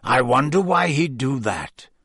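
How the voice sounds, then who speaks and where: Man reading as a brooding outlaw wizard, low and measured, bitter edge, dry close sound. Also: animated, fairly bright tone, breathy edge, no echo. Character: grim, brooding adult male wizard fugitive.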